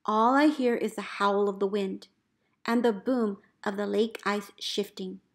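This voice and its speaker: Lady teacher reading a kids' story out loud, lively, shouts out the dog commands. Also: mid-range voice, measured pace. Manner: expressive, calls out dog commands loudly. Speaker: teacher reading a picture book aloud. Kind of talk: storybook read-aloud.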